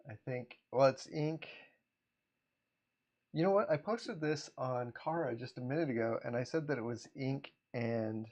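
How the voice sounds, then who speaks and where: A man's voice: mid-range voice, unhurried, lo-fi sound. A man hosting a casual livestream, chatting easily with viewers and greeting them by name. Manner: relaxed, greets chat by name, chuckles often. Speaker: livestream host, comic artist.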